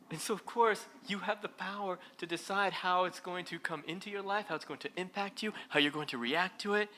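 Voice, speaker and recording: A man with a very bright, ringing voice gives an inspirational talk on stage. He is playful and animated, his pitch and volume leaping as he puts questions straight to the crowd. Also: fast, hardly any pauses. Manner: playful and animated, with big jumps in pitch and loudness; addresses the audience directly with questions. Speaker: motivational speaker.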